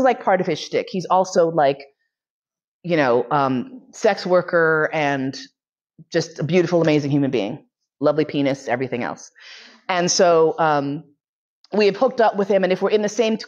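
A woman lecturer with a lowish voice tells a frank, bawdy story with lots of energy and frequent laughter. The recording sounds a little dull and lo-fi. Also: a little mellow.

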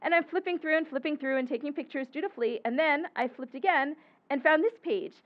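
A woman with a high voice lectures on her historical research, explaining patiently and now and then pausing on an um or correcting herself. The recording is somewhat muffled and dull, like a talk captured in a lecture hall. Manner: explanatory, occasional ums and self-corrections. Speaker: historian giving a book talk. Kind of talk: academic lecture with slides.

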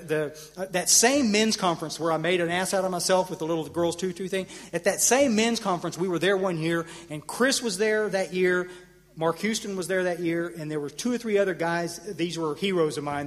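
A middle-aged man tells his personal recovery story to an AA convention audience, speaking a little fast and with animation. He often stammers and restarts, pushing up for punchlines and dropping low for reflective moments. Hall reverb from the live convention room colors the sound.

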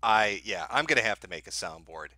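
A man's voice: fairly low pitch, lively intonation, a little fast, pushed and bright, dry recording. A man hosting a live stream, reacting with profane, laughing, mocking commentary. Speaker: stream host.

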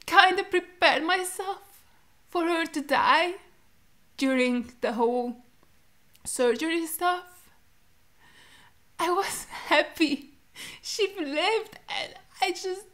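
A young woman with a high, bright voice talks through tears as she reacts to a show. She pleads and protests in disbelief, swearing now and then as her voice breaks. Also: slow pace, pauses often. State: crying. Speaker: reaction video host. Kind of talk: emotional reaction commentary.

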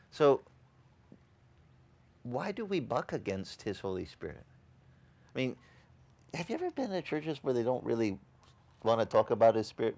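A man's voice: medium pitch, darkish tone. A man preaching a sermon as a pastor. He talks conversationally, quizzes the congregation with rhetorical questions and mocks opposing views in dismissive quoted voices. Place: outdoor beach service.

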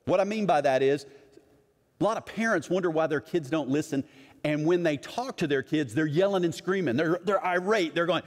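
A man's voice: a little high, brisk, in a large hall. A middle-aged man preaching a sermon as a pastor, conversational and acting out other people's voices in his stories.

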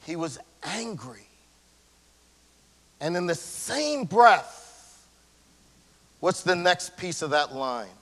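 A male pastor with a high voice delivers a sermon in a casual, slangy manner. His pitch leaps and falls as he swings from loud emphasis to hushed near-whispers. A long church-hall reverb trails each phrase. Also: sing-song, slow, long pauses. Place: church sanctuary.

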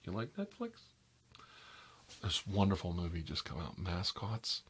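A man voicing a chatty, oversharing interior decorator in a whispered role-play, rambling and gossiping with sudden high squeals and soft asides. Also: wildly swooping pitch, measured pace, slight background noise, exaggerated voice. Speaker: ASMR role-play creator.

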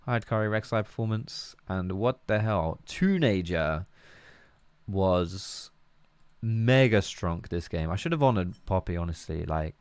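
A man's voice: low-pitched, expressive, a little slow, a little mellow, clean tone, no room sound. A young man with an English accent, chatting casually and rambling as he streams a game and answers his chat. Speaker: gaming streamer. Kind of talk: casual chat while playing and reading chat.

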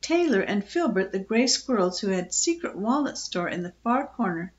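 An older woman reading a children's book aloud with expressive, gentle storytelling. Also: mid-range voice, normal speed, muffled recording.

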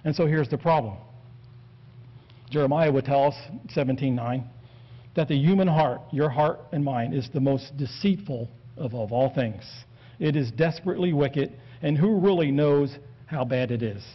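A man's voice: medium pitch, normal speed. A man preaching an earnest sermon, steadily working through scripture quotes. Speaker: pastor. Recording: dull lo-fi recording.

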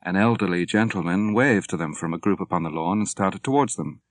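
A man narrating an audiobook in a measured, understated way. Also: sits low, no room sound. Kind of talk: scripted narration.

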